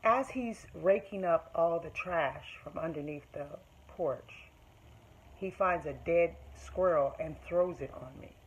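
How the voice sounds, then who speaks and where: A woman's voice: fairly low pitch, measured pace, slightly rough, low-quality recording. A woman vlogger telling a personal story straight to her viewers, emphatic and repeating phrases as she makes her point. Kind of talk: storytime monologue to camera.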